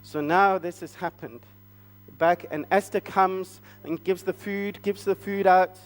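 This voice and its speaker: A man with a notably high voice leads a church family service through a story, drawing it out slowly and coaxing the children with questions. His words echo with long reverb across a large church hall. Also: fairly even intonation, smooth. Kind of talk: interactive retelling of a Bible story.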